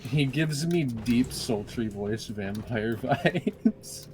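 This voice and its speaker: A man's voice: mid-range voice, lively intonation, drawn-out words. Joking male co-player, mid-range voice, noisy crowd under him. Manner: joking, laughs through lines. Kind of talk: casual gaming chat.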